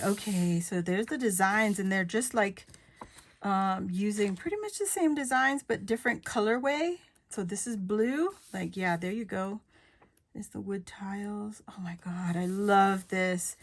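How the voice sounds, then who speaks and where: A woman showing off craft paper in a casual haul video, gushing with delight, dropping into soft asides and a little out of breath. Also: medium pitch. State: a bit out of breath. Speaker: craft vlogger.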